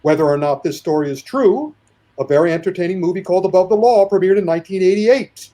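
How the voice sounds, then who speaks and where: A man on a podcast reading aloud from his notes, with a measured, storytelling delivery. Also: sits high, warm tone.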